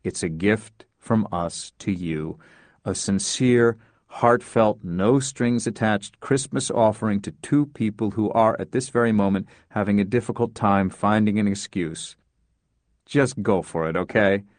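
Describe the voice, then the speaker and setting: A man's voice: fairly low pitch, measured pace, darkish tone, dry recording, natural voice. A man reading the part of a determined, kindly neighbor who talks earnestly and persuasively. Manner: earnest, persuasive, plain-spoken.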